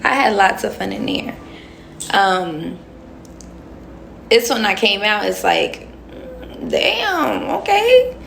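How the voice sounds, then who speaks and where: A young woman chats on a phone livestream, answering viewers' comments with loose, slangy asides. Her mid-pitched voice has a gravelly, fry-tinged edge. A faint hiss sits under the recording. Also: slow, pauses often, fairly bright tone. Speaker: livestream host. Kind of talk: casual livestream chat.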